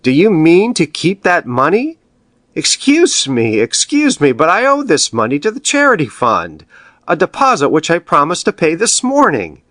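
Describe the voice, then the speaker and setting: A man's voice: a little high, sing-song, measured pace, sharp tone, dry recording, pitched above the performer's own voice, exaggerated voice. A man voicing an anxious, proud wealthy male banker who pleads and stammers. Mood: flustered.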